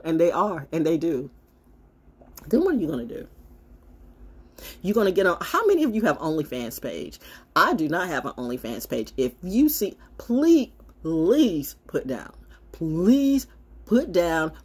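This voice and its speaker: A woman's voice: low-pitched, husky. A woman holding a casual, brash, sassy monologue to camera as a self-styled spiritual oracle, swinging from mocking asides to blunt remarks.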